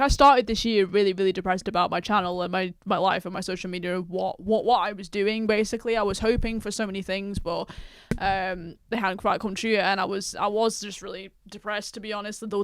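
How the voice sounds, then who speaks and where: A woman's voice: mid-range voice, clear, resonant tone, no room sound, studio quality. A woman giving casual, rambling reaction commentary in a chatty way. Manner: chatty, rambling, quick to laugh. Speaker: reaction YouTuber.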